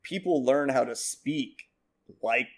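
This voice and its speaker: A man co-hosting a TV review show, talking in a rambling, profane, animated way with lots of fillers. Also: mid-range voice, takes it slowly, husky. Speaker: podcast co-host. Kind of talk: casual chat.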